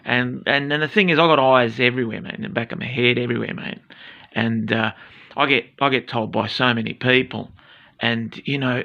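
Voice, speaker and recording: A man's voice: mid-range voice, steady tone, fairly quick, gravelly, pushed and bright, highs cut off. A man in his forties with an Australian accent, talking casually to camera in a rambling, blunt, sweary way full of fillers. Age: 40s.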